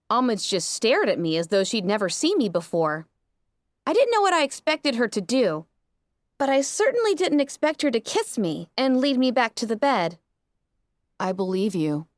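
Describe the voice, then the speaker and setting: A woman's voice: on the high side, no echo. A woman reading a first-person fan fiction audiobook with an emotional, impassioned delivery, recorded on a close mic. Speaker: audiobook narrator.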